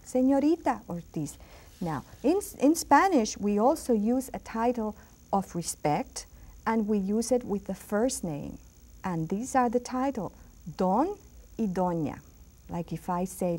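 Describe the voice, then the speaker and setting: A middle-aged woman teaching a school TV language lesson, patiently repeating each word slowly with clear emphasis. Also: mid-range voice, mellow.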